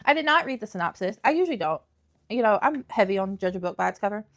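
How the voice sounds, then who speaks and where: A woman's voice: medium pitch, animated, fast. A young woman chatting casually about books she reviews, sassy and emphatic, often repeating lines for effect. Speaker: book reviewer. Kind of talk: casual vlog chat.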